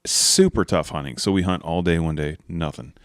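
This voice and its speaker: Deep-voiced man rambling through a story. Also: moderate pace, no echo, studio quality. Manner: rambling, with many "like" and "right?" fillers; acts out the people in his stories. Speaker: podcast host. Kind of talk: casual hunting storytelling.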